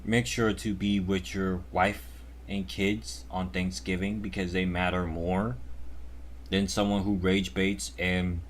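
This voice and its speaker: A man's voice: sits low, level tone, slow, slight background noise. A man hosting his channel and giving reaction commentary in a sarcastic mock rant that turns blunt and profane. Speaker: channel host.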